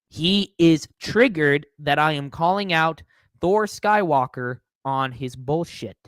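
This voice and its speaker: A man's voice: a little high, slow, fairly bright tone, dry recording, studio quality. A man hosting a live stream, reading viewer comments aloud and answering them with sarcastic, mocking commentary.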